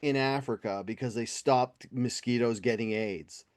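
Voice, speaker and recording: A man's voice: mid-range voice, moderate pace, no room sound, clean studio sound. A man hosting a podcast, telling a story in a casual, profane, mocking way. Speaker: podcast host.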